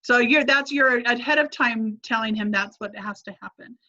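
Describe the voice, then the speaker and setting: A woman's voice: on the high side, moderate pace, pushed and bright, highs cut off. A woman who teaches a parenting class, answering a question casually with many restarts and examples of what to say to a child. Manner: conversational, many restarts, models phrases to say to kids. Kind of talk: advice in a live Q&A.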